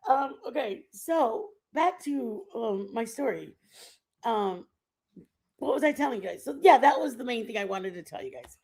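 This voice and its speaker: A woman's voice: a little high, expressive, moderate pace, creaky, darkish tone. A middle-aged woman hosting a casual livestream, telling rambling home stories with lots of fillers. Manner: rambling, chatty storytelling with many fillers. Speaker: livestream host. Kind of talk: casual chat.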